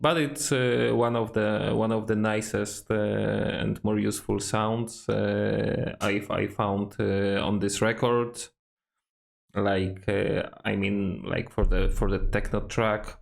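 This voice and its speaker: Gravelly slow-talking man with lots of fillers. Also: on the low side, flat delivery. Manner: hesitant, many fillers and restarts. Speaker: music producer. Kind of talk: casual tutorial walkthrough.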